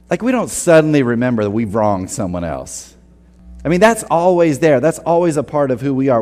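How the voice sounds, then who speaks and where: A man's voice: medium pitch, mellow, big-room sound. A man preaching a sermon in a casual, earnest way, often restarting his sentences and acting out quotes. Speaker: pastor. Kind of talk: conversational sermon.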